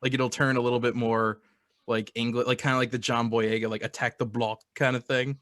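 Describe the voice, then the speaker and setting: A man's voice: medium pitch, little pitch movement, fairly quick, a bit bright, dry recording. Casting: young male podcast host, mid-range voice, self-mocking banter, dry close mic. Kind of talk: casual chat.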